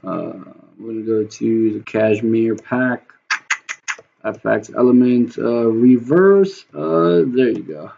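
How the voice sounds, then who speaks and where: Dude rambling while he makes a beat, gravelly voice, hums the drums, slight hiss on a muffled mic. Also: fairly low pitch, lively intonation, slow pace, warm tone. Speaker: music producer. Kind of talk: casual talk while making a beat.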